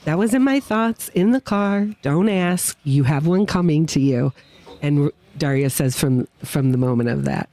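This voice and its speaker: A woman's voice: low voice, unhurried. A woman guest on a podcast, telling a personal story with feeling and acting out what people said. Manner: animated, emotional storyteller who acts out quotes. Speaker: guest witness. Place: winery.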